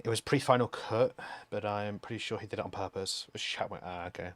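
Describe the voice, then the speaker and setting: A man's voice: fairly low pitch, a little fast, few pauses, no echo. A male streamer giving rambling gameplay commentary, laughing and swearing casually.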